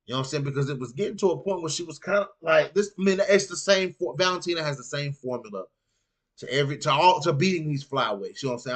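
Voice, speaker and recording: A man's voice: a little high, animated, quick pace, fairly bright tone. A man hosting a casual fight recap livestream, talking loosely with a groggy morning voice and lots of "you know what I'm saying" filler. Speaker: livestream host.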